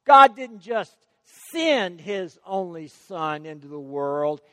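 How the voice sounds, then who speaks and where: A man's voice: sits high, big pitch swings, takes it slowly, sharp tone, no echo, in a large hall. A man preaching a sermon, emphatic and stressing key words by repeating them.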